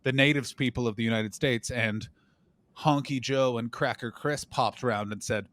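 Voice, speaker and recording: A man co-hosting a comedy podcast, telling rambling, animated stories full of swearing and quoted voices. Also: medium pitch, fairly quick, slight background noise. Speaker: podcast co-host. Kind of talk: casual comedic chat.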